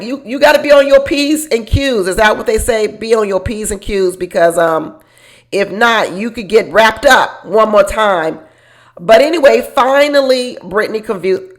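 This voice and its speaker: A woman hosting a casual recap show, chatting to her viewers in a gossipy, laughing way about a reality program. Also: medium pitch. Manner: speaks straight to viewers as "y'all".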